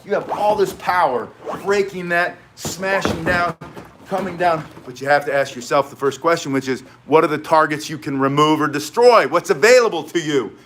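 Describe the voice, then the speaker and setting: A male self-defense instructor on a live stream, with a raised, sharp and bright voice. He talks emphatically to his viewers, hammering short phrases over and over. He often wanders off into quick asides. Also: fairly high pitch, slight background noise. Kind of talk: live-streamed training talk, chatting with viewers.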